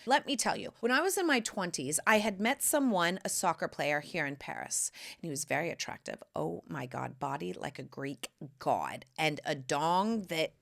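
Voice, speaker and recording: A woman hosting a podcast, telling candid, profane stories in a brash, animated way. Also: low voice, normal speed, gravelly, few pauses. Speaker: podcast host. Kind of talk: candid storytelling monologue.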